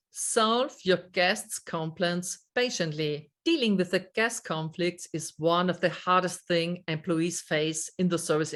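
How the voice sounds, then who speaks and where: Woman teaching soft skills, lowish voice, reads out lists slow and clear. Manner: clear instructive delivery, lists terms one by one. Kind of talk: scripted online lesson.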